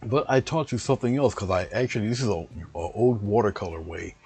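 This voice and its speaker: Brief: low-voiced man with gravel in it, loose chatty painting instructor, faint music under. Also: lively intonation, quick pace, a little mellow. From US East Coast. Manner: rambling, chatty, talks to himself while working. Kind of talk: casual painting demo.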